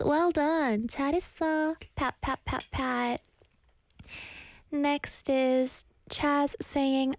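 A woman's voice: a little high, a little mellow, no room sound. A young adult woman casually reading viewers' comments aloud and telling rambling stories from her own life. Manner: chatty, storytelling, ranting. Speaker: streamer reading chat messages.

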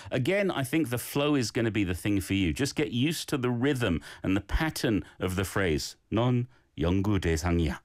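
A man's voice: mid-range voice, no echo, clean studio sound. A man teaching a daily Korean phrase and giving encouraging feedback on listeners' recordings. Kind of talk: casual language lesson.

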